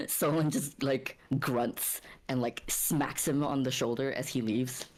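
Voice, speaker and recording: A woman's voice: rumbling low, slow pace. A woman playing a tabletop role-playing game, describing her character's actions in a rambling way full of "like". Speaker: player.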